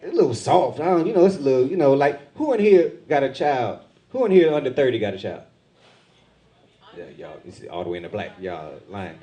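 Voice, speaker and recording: A middle-aged man doing stand-up comedy on a club stage with a handheld mic, jumping into loud, high voices when he acts out other people. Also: very animated, fairly quick. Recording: live club with loud crowd laughter.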